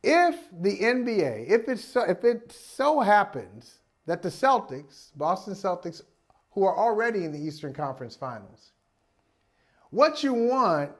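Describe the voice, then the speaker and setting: Man, sports talk host, high-pitched for a man, animated, repeats himself to build a point. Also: a little slow. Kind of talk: casual sports debate.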